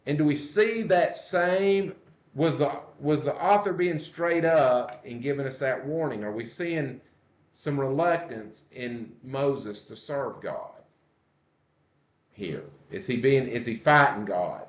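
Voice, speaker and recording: Male pastor, unhurried teaching, roomy echo, dull lo-fi recording. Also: medium pitch. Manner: unhurried, explains and asks the group questions. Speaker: pastor teaching a Bible study. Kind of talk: conversational Bible study teaching. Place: church room. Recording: echoey room, dull lo-fi sound.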